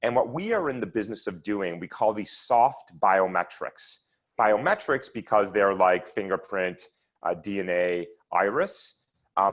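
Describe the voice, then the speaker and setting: A man presenting his research at an online seminar, explaining slides and charts step by step. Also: fairly low pitch. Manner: explanatory, walks listeners through charts step by step. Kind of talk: lecture with slides.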